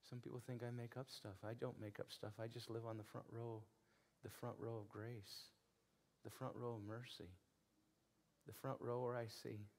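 A man's voice: medium pitch, little pitch movement, moderate pace, a little mellow. A man preaching a sermon in an earnest, conversational storytelling way, repeating phrases for emphasis. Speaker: pastor.

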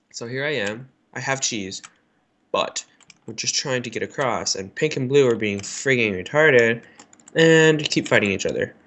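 A young man commentating his own gameplay, excitable and swearing, often yelling at other players. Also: mid-range voice, a little hiss or hum. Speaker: gaming YouTuber. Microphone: headphones on, desk mic.

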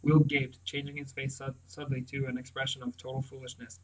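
A man reading a novel aloud in a steady, measured storybook narration. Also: mid-range voice, distant mic, rough recording. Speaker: audiobook reader.

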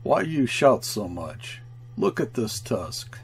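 A man reading aloud, voicing a calm, cunning male station clerk in short, broken phrases, slow and gravelly. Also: mid-range voice, slight background noise, heavily acted. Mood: impassive.

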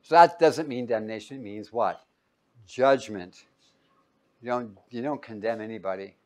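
A man preaching a Bible-teaching sermon, reading verses loudly and pausing for his listeners to call out the missing word. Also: medium pitch. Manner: quizzing listeners with fill-in-the-blank questions; emphatic, loud when reading scripture aloud.

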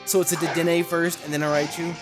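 A young adult commentating a Pokémon Let's Play, loud, profane and animated, with a desk mic and facecam. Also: medium pitch, a little fast, music in the background. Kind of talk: gaming commentary.

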